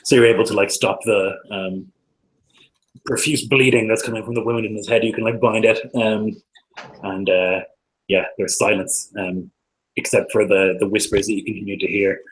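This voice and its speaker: A man's voice: fairly low pitch, steady tone, normal speed, slight background noise, low-quality recording. A man narrating as game master of a tabletop game, hesitant with many fillers.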